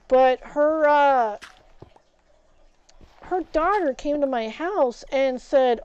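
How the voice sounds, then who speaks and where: Woman, high voice, mellow tone, slightly dull stream mic, casual rambling story. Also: a little slow, dry recording. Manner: animated, gets loud and agitated retelling a confrontation, swaps curses for "flip". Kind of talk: casual storytelling while gaming.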